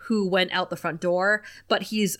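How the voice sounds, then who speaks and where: A young adult woman chats casually as a podcast co-host, laughing easily as she retells scenes. She acts out quoted lines with lively pitch jumps. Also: measured pace. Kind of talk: casual chat recapping a TV episode.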